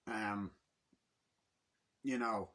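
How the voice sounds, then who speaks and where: A man's voice: on the low side, steady tone, extremely slow, a bit bright. A man giving a casual, rambling movie review, swearing constantly and acting out scenes in quoted voices.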